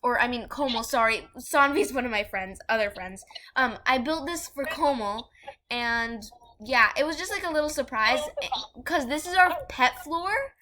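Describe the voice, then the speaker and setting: A woman's voice: high voice, moderate pace, noisy background. A young woman co-hosting a gaming video, chatting casually and rambling with lots of fillers while she plays. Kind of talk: casual chat while playing.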